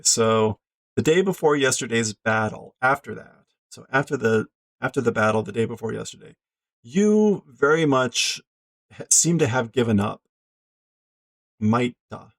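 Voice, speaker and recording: A man casually reading through a manga as a language learner, translating aloud in a slow, halting, think-out-loud way. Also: mid-range voice, creaky.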